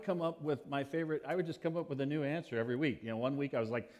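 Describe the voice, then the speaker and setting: A middle-aged man preaching a sermon as pastor, telling stories and acting out children's questions in lively quoted voices. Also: medium pitch, very fast, hardly any pauses. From United States.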